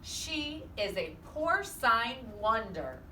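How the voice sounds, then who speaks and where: A woman voicing a flustered, formal older gentleman who speaks slowly and fussily in a storybook read-aloud. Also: on the high side, sing-song, recorded from a distance, exaggerated voice. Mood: fussy. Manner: slow, fussy, formal. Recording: echoey room, off-mic, faint hiss.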